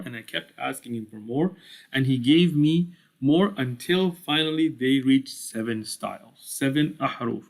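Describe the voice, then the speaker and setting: A man's voice: medium pitch, gravelly. An American man giving an explanatory religious lecture, acting out little dialogues with a laugh. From United States. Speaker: Islamic lecturer.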